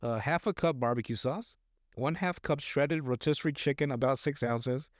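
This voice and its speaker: A man's voice: mid-range voice, moderate pace, no echo, studio quality. A man co-hosting a podcast, reading recipes aloud in casual chat, stumbling over words and joking crudely. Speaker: podcast co-host.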